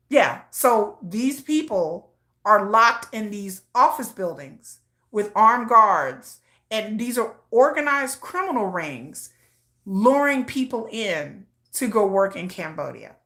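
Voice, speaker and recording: A woman vlogger retelling news in casual commentary, acting out the people in the story as she goes. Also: mid-range voice. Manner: animated storytelling, acting out quoted voices.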